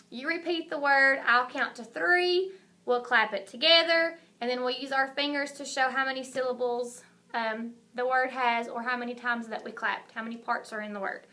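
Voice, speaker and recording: A kindergarten teacher talks to young children in a recorded video lesson. She speaks slowly and clearly, in a high, bright voice that keeps the talk encouraging.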